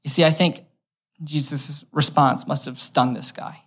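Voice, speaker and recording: A man's voice: a little high, fairly even intonation, measured pace, fairly bright tone. A young man preaching a conversational sermon, telling stories with light humor. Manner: casual and storytelling, with light humor.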